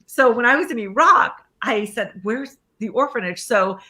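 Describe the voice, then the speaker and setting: A woman, a life coach, being interviewed and telling her story in a lively way, acting out the lines of people she quotes. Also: fairly high pitch, normal speed.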